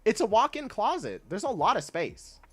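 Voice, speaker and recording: A young man casually chatting with his chat while playing a video game, laid-back and quick to laugh. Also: high-pitched, wildly swooping pitch. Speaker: streamer.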